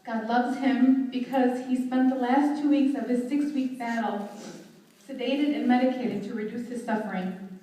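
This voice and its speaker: A young woman delivering a heartfelt, measured eulogy at a memorial service, recorded from a distance in a large hall. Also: on the high side, steady tone, dark tone. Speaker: daughter giving a eulogy. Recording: very echoey hall, voice from far off.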